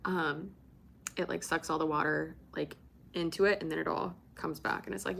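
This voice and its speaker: Chatty young woman with a creaky voice. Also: fairly low pitch, normal speed, slight background noise. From Tampa, Florida. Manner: chatty, rambling, swears casually, many fillers. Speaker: livestream host. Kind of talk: casual livestream chat.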